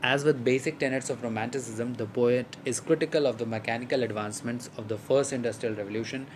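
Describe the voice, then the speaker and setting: Man, mid-pitched, explanatory lecture on poetry, uh-filled restarts, faint hiss behind. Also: low-quality recording. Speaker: literature teacher.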